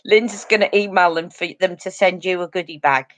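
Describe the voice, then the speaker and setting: A beauty channel host with a low, brisk voice chats earnestly and directly to her viewers during a casual live stream.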